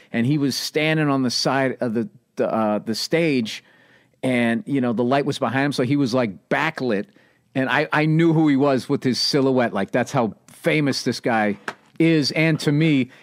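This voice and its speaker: Man, 40s, Boston accent, casual rambling profane chat, mid pitch, dry sound. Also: no echo. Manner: profane, rambling, animated storyteller. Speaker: podcast host, comedian.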